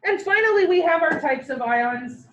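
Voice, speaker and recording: A woman's voice: very high voice, expressive, moderate pace, a bit bright, lo-fi sound. A woman with a Canadian accent, teaching a class in a chatty, joking and encouraging way. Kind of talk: online class lecture.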